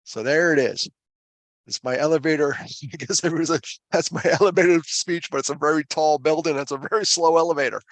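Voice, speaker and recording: A man's voice: fairly high pitch, steady tone, fairly quick, a bit bright, dry recording. A man who runs a suicide prevention foundation, talking with self-deprecating humor and earnest emphasis as a show regular. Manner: earnest and emphatic when driving a point home. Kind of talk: conversational storytelling on a podcast.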